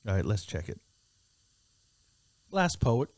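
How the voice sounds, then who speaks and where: A man co-hosting a casual music review podcast, talking in a laid-back, halting way and laughing often. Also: fairly low pitch, wildly swooping pitch, no echo. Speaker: podcast co-host.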